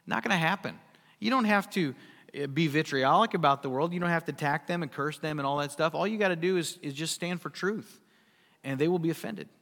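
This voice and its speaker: A man's voice: on the high side, fairly quick, fairly bright tone, long reverb tail. A man preaching a sermon, emphatic and full of rhetorical questions. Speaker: pastor.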